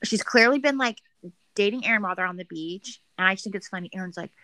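A woman's voice: medium pitch, quick pace, sharp tone, no room sound. A woman in casual chat, recapping a reality show with a gossipy, chatty manner full of "like.". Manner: chatty, gossipy, heavy use of "like".

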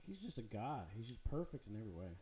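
A man's voice: medium pitch, sing-song, fast talker, roomy sound, a crowd in the background, poor audio. A man co-hosting a podcast, chatting casually and animatedly about football, swearing and laughing often. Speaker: podcast co-host. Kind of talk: casual sports chat.

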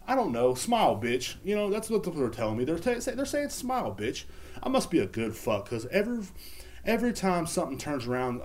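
A man hosting a solo podcast from home, ranting in a rambling, profane and exasperated way. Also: mid-range voice. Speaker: podcast host. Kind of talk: casual solo rant.

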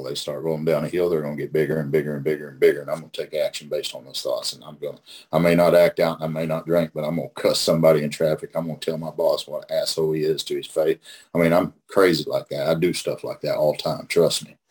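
A man's voice: extremely low pitch, little pitch movement, quick pace, a little mellow, husky. A middle-aged man from Oklahoma leading a recovery study in a casual teaching talk. He is folksy and emphatic and repeats phrases for emphasis.

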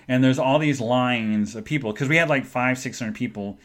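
A man at medium pitch and normal speed, a bit bright in tone, hosts a podcast. His long, casual story rambles along chattily, complete with acted-out voices for the people he quotes.

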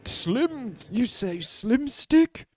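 A man's voice: very high-pitched, very animated, very slow, dry recording, heavily acted. A man doing a stammering old ex-soldier. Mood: dithering. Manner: stammering, dithering, overexcited. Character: rambling old male ex-soldier prisoner. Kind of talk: tabletop role-play voicing.

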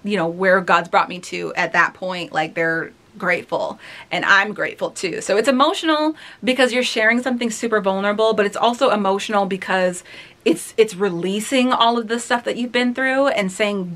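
A woman's voice: mid-range voice, moderate pace, a bit bright. Candid woman in her thirties reflecting. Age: 30s. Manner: candid, rambling, many "like"s and laughs. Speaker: vlogger reacting to her own video. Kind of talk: casual reflective commentary.

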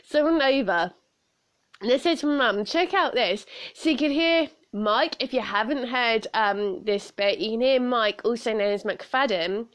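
A woman's voice: fairly high pitch, moderate pace, clean tone. A young woman with a southern English accent, chatting on her solo podcast, giggling and rambling, with a stuffed-up nose. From south of England. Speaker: podcast host. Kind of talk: casual solo podcast chat.

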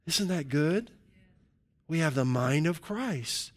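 Delivering his sermon, this male pastor sounds lively and a bit high-pitched. Between points he asks "right?", shouting hallelujahs and slipping in jokey asides aimed at the congregation.

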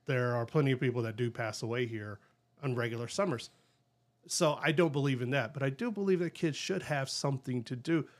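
A man's voice: medium pitch, fairly quick. Chatty middle-aged man. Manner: chatty, laughs easily, rambling storyteller. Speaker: podcast co-host. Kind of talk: casual chat.

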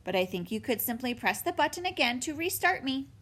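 A woman voicing a gentle, calm female robot mother who speaks in polite, formal sentences. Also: sits high, fairly quick, voice pushed up, full character voice.

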